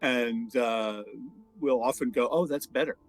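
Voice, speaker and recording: A man on a panel calmly explaining voice recording work in halting, casual phrases. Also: mid-range voice, faint music behind.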